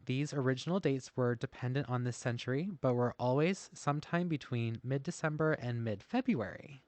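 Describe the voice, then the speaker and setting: A man's voice: mid-range voice, moderate pace, a little mellow, dry recording. Chatty man co-hosting a podcast. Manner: self-deprecating, laughs often. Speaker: podcast co-host. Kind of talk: casual podcast chat, reading notes aloud. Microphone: masked while recording.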